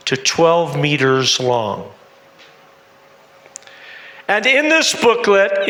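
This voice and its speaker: High-voiced, slow-speaking man preaching. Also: pushed and bright, reverberant, big-room sound. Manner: dramatic, asks the congregation questions. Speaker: missionary preacher. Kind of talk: sermon with storytelling. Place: church.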